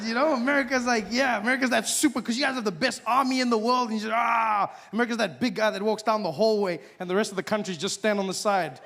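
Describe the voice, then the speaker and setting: High-voiced man doing stand-up comedy. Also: fast, gravelly, hardly any pauses. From South Africa. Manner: animated, acts out characters in high excited voices.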